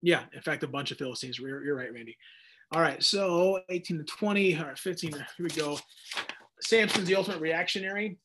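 A man in his thirties with a high-pitched voice leads a Bible teaching. His sermon is casual and conversational, full of restarts and self-deprecating asides. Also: a little fast, a bit bright. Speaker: pastor.

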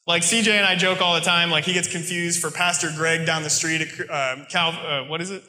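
Pastor, American man, storytelling sermon delivery, very bright forceful tone, slightly high voice, roomy echo. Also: steady tone, fairly quick, faint music behind. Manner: conversational storytelling preaching. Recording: echoey room sound.

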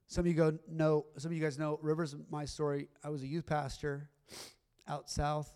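A man's voice: a little high, flat delivery, normal speed, mellow, clean tone. A middle-aged man preaching a sermon in a conversational, earnest way, with bursts of emphasis. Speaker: pastor.

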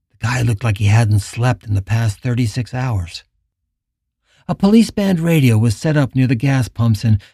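A man reads an audiobook in an even, measured manner. His mid-range voice is captured in clean studio sound with no echo.

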